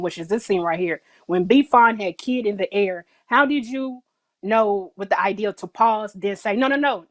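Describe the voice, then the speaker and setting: A woman hosting a casual interview show, playful and teasing, laughing often. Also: medium pitch. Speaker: show host.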